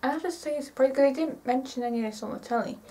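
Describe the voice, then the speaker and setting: Excitable woman, far from mic. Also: sits high, rapid-fire. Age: 20s. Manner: rambling, excitable, self-correcting. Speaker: vlogger. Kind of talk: casual chat to camera.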